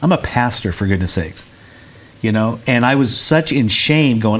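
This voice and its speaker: A man's voice: medium pitch, lively intonation, normal speed. A middle-aged man, a recovery center director and pastor, speaking as an interview guest in an earnest, preacherly way and often repeating words as he searches.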